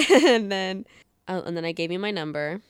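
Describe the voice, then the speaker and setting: Female podcast host, giggly and playful, clear voice, dry studio sound. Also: mid-range voice, animated, normal speed, no echo. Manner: giggly, reads old messages aloud with playful voices. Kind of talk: casual chat.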